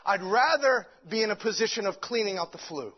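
A man's voice: high-pitched, lively intonation, fairly quick, breathy edge. A man preaching a sermon with fervent delivery, stumbling over restarts and many fillers. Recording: dull lo-fi recording.

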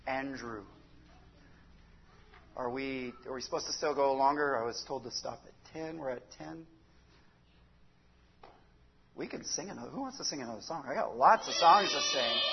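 Upbeat woman leading kids' sing-along. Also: low-pitched. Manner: upbeat, encouraging, coaxing children by name. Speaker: children's worship leader. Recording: dull lo-fi sound under loud guitar music. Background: guitar music.

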